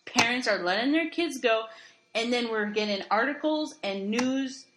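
A woman co-hosting a podcast, chatting casually and sarcastically, telling animated stories. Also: a little high, normal speed, background noise. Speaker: podcast co-host. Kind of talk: casual chat.

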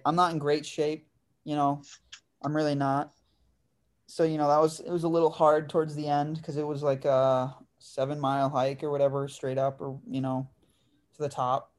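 Slightly mellow and pitched in the middle, this man's voice belongs to a podcast host in his twenties. He's an easygoing storyteller who keeps saying "like" and "dude."

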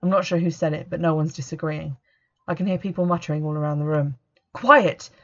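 Gravelly-voiced woman narrating. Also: low-pitched, fairly even intonation, fast, darkish tone. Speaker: audiobook narrator. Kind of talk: first-person audiobook narration. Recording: dull lo-fi recording.

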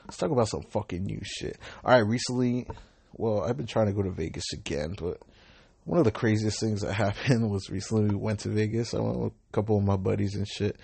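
A young man in his mid-twenties talks in a low, somewhat husky voice, the sound close and dry with no room around it. He rambles casually from one story to the next, leaning on slang and swearing. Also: darkish tone, no echo. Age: 20s. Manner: slangy and profane, loose and rambling.

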